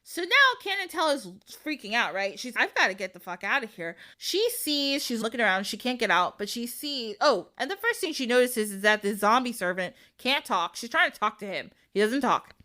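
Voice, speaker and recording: A woman podcast host with a bright, clear tone tells a story in a relaxed, playful way. She laughs often and slips in loose voices for the characters without ever fully changing her own. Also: on the high side, a little fast, hardly any pauses. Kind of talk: casual storytelling.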